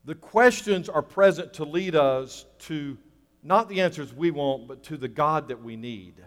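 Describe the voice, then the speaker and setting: Earnest preacher with a higher voice in a reverberant hall. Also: male voice. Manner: earnest, repeats key phrases. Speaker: pastor. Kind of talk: sermon.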